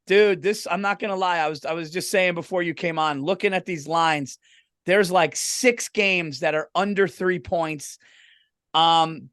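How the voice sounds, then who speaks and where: A man's voice: high-pitched, clean tone, no room sound, clean studio sound. A man co-hosting a casual sports podcast, telling stories loosely and laughing often. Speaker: podcast co-host.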